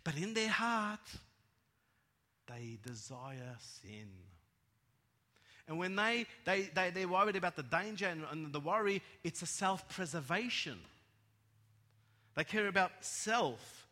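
Male preacher, emphatic sermon delivery, slightly high voice, long hall reverb. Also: normal speed. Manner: emphatic, repeats words, swings from loud to hushed.

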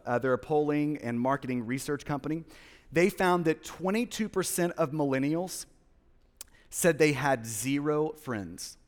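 A man's voice: medium pitch, long reverb tail. A man in his thirties preaching a sermon, earnest, often repeating words and restarting. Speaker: pastor.

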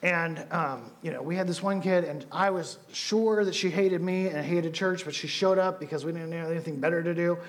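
A man's voice: on the high side, normal speed, few pauses. A man preaching as a youth pastor, telling stories in a casual, chatty way. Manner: casual, storytelling, animated asides. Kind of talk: sermon.

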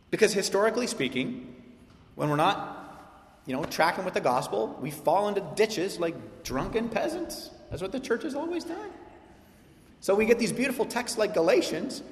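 A man's voice: high-pitched, a bit bright. A man preaching a sermon as a pastor, passionate and emphatic, acting out quoted voices. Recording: echoey hall with long reverb.

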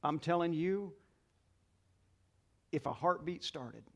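High-voiced preaching man. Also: takes it slowly, creaky. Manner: call-and-response preaching, swings between soft and loud. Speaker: pastor. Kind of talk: sermon. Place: church sanctuary.

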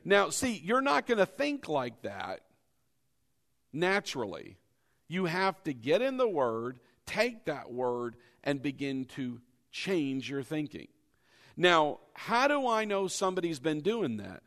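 A man preaching with a lively, swooping delivery that rises high and drops low as he drives his points home. He is a pastor leading his congregation in repeating scripture after him. His voice sits a bit above the usual pitch for a man. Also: slow pace. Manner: animated preaching, leads call-and-response with the congregation; acts out hesitant and doubting voices in a low mumble. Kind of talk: sermon.

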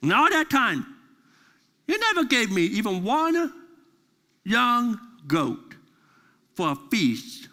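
A man's voice: very high-pitched, huge pitch swings, takes it slowly, long pauses, sharp tone, big-room sound, voice pushed up, heavily acted. A man voicing an indignant older brother who complains that he has been wronged. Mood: resentful. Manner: whiny, aggrieved complaining.

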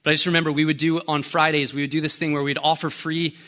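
A young adult male pastor giving a conversational sermon, animated and storytelling with casual slang. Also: fairly high pitch, quick pace.

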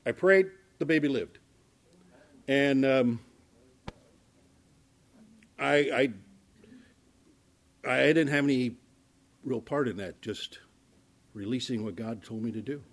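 A man preaching as a pastor in a conversational Bible-teaching sermon. He restarts his words often and swings between loud emphasis and hushed asides. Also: mid-range voice, takes it slowly, long pauses.

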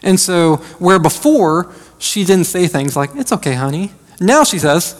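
High-voiced man preaching in a reverberant hall. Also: very animated, unhurried. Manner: conversational preaching with frequent fillers. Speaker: associate pastor. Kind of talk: sermon.

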